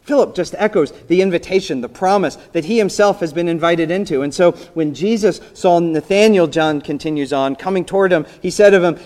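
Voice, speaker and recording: A man preaching a sermon in a conversational storytelling manner, briefly acting out the people in the story and dropping to a soft voice for emphasis. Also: high voice, brisk, hardly any pauses. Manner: conversational storytelling, voicing biblical characters, drops to soft emphasis. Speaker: pastor.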